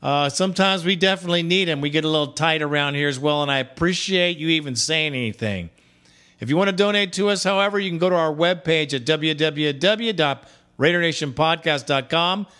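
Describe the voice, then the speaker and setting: Male call-in host, slightly high voice, blunt and buddy-buddy. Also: brisk, sharp tone, clear, resonant tone. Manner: blunt, chummy, calls callers brother. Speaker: podcast host. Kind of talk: casual call-in show hosting.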